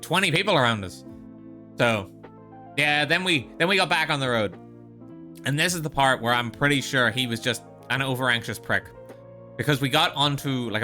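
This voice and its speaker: A man's voice: medium pitch, bright, forceful tone. A man from the Netherlands streaming, telling a story in a profane, exasperated casual rant. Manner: profane, exasperated, lots of restarts.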